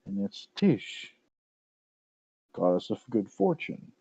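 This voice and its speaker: A man narrating as game master of a tabletop game, in a relaxed, meandering way. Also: fairly low pitch, slow, creaky, breathy edge, no echo, highs cut off.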